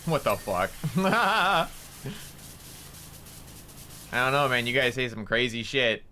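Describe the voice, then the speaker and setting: A man chatting casually on a gaming livestream, profane and excitable, jumping into high-pitched outbursts. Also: brisk, slight background noise. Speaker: VTuber streamer.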